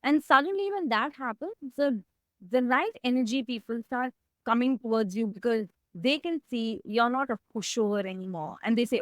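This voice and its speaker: Close to tears at times, a woman guest opens up about her past in a candid personal conversation, heartfelt and reflective. Her voice is a little high and animated, at normal speed, with no echo.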